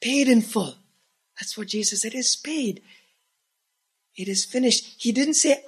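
A preacher delivering a sermon in an earnest manner, swinging from emphatic declarations to hushed, near-whispered lines. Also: mid-range voice, a little slow, pauses often, slightly rough.

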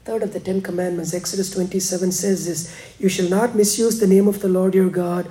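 A man preaching a sermon, dropping to hushed, slow lines and rising again for emphasis. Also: fairly even intonation. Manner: preaching, swings between hushed lows and emphatic rises. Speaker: pastor.

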